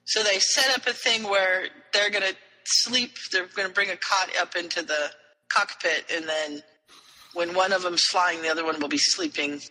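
A man co-hosting a podcast, explaining plot points in casual chat with quick agreeing interjections. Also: high voice, fairly even intonation, bright, forceful tone, in a large hall, poor audio. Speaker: podcast co-host. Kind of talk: casual chat recapping a story.

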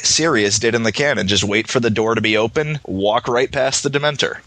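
A man's voice: mid-range voice, fairly quick, a bit bright, dry recording. A man from Massachusetts, joking wryly in a casual podcast chat.

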